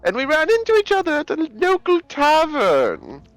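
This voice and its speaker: A man's voice: very high voice, huge pitch swings, moderate pace, faint music behind, exaggerated voice. A man voicing a pompous, flowery noble adventurer from the Underdark in a tabletop game, with a grandiose, theatrical way of talking. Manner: grandiose, theatrical, sing-song delivery.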